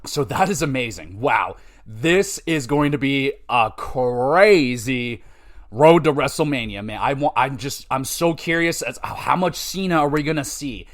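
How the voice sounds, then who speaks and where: A man hosting a podcast in casual chat, telling an excitable, profane story in an animated way. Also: medium pitch, unhurried. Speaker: podcast host.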